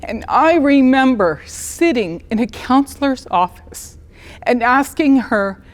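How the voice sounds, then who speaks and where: A woman in her fifties on a stage, telling her personal story in an animated, blunt and candid way. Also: high voice, slow, in a large hall. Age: 50s. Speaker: speaker at a talk event.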